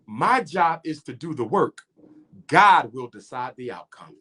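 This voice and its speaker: A man's voice: fairly high pitch, big pitch swings, a little slow, pushed and bright. A middle-aged man speaking as an interview guest, impassioned and preacher-like, building his points through rhythmic repetition.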